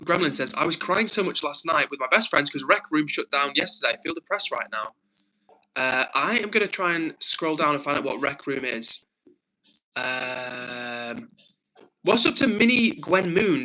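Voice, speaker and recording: At a normal speed, a young English livestreamer with a slightly high, pushed and bright voice reads out his chat and responds to viewers in a warm, chatty manner. He sounds like he has a frog in his throat, and the recording is low quality.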